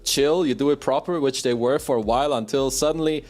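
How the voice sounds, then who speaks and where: A man giving esports analysis on a panel, measured and searching for words. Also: medium pitch, darkish tone.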